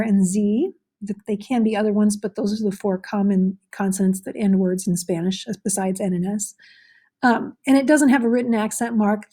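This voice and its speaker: A woman's voice: medium pitch, dark tone. A woman teaching a recorded Spanish pronunciation lesson, explaining patiently with frequent fillers.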